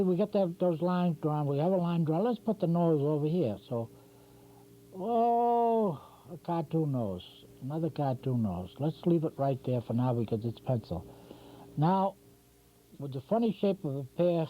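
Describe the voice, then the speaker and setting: An older man demonstrating cartoon drawing, talking casually and correcting himself as he works. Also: fairly high pitch. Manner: rambling, talks while drawing, self-correcting. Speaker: drawing instructor. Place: local TV studio. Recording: dull lo-fi 1990s community TV audio with faint hum.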